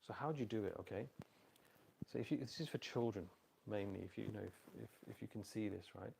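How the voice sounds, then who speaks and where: A man's voice: fairly low pitch, quick pace, gravelly, slight background noise. A middle-aged man giving an informal religious talk on parenting to a live audience, telling stories and quizzing listeners with repeat-back questions. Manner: storytelling with animated quoted voices.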